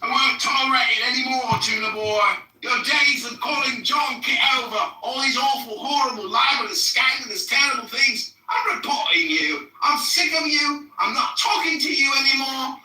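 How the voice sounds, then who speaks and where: A man's voice: very high-pitched, moderate pace, bright, forceful tone, soft background music, pitched above the performer's own voice, heavily acted. A man doing a mocking, put-on English accent as a theatrical, sneering insulter in a voice chat roast. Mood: indignant. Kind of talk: mock roast in a voice chat room.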